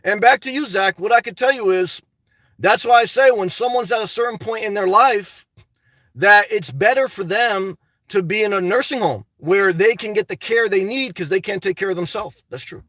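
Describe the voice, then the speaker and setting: A man's voice: high voice, moderate pace, fairly bright tone, dry recording, distant mic. A man hosting a livestream, reading the live chat in a chatty way and often tagging on "okay". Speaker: livestream host. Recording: dry sound, voice away from mic.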